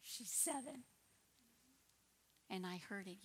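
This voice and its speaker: A woman in her sixties giving an earnest personal testimony as a minister, often dropping into a soft, breathy near-whisper. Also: medium pitch, steady tone, a little slow, a little hiss or hum.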